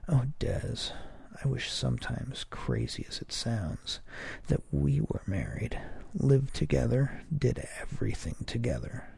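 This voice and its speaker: A man's voice: medium pitch, huge pitch swings, slow, dry recording, pitched above the performer's own voice, full character voice. A man voicing a fussy, confiding woman who whispers conspiratorially in a story reading. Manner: hushed, breathy whisper.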